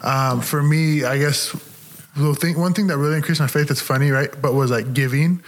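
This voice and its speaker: A man's voice: on the high side, steady tone, normal speed. A man speaking earnestly and casually in a church discussion about faith, with frequent fillers.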